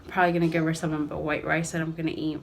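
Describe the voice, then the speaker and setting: A woman's voice: low-pitched, flat delivery, very fast, creaky, slight background noise. A woman, a mother vlogging at home, talking candidly to the camera in a rambling way with many fillers. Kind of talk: casual talk to camera. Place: home living room.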